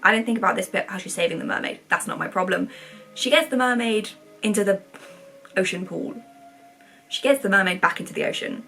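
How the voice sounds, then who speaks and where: Chatty young woman with vocal fry. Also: mid-range voice, fairly quick, pushed and bright, faint music behind. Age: 20s. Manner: chatty, rambling, sarcastic. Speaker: vlogger. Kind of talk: casual commentary.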